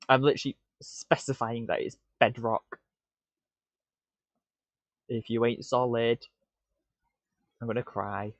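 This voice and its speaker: A man streaming live, muttering to himself in excitable bursts with stammered restarts, on dull lo-fi stream audio. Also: medium pitch, slow pace, long pauses, dry recording. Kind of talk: casual live-stream self-talk.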